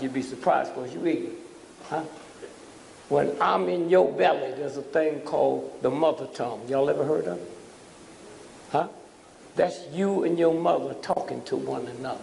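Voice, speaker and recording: Older guy lecturing loud, super gravelly voice, preachy, keeps going huh?, echoey hall. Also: on the high side, slight background noise. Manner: preachy, repeats "huh?" to provoke the audience. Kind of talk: fiery public lecture.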